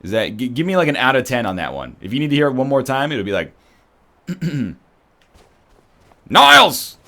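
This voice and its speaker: A young man talks with his stream audience, animated and rambling. His pitch swings a lot from line to line, and his voice has a bright, forward edge. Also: racing. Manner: animated, rambling, tries celebrity impressions. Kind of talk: casual chat while playing a game.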